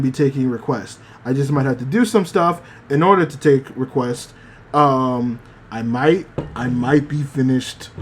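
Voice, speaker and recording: A man's voice: mid-range voice, a little hiss or hum. A man hosting a podcast, casually recapping an anime episode, rambling with many fillers. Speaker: podcast host.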